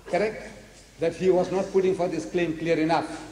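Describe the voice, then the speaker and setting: A South African man giving a public lecture, animated, throwing rhetorical questions at the audience. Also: on the high side, moderate pace. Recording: echoey hall with faint noise, archive lecture.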